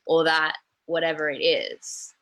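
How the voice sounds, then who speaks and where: A woman's voice: sits low, little pitch movement, measured pace, fairly bright tone, low-quality recording. A woman, hosting a casual chat about emotions and self-growth in an earnest, open way. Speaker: host.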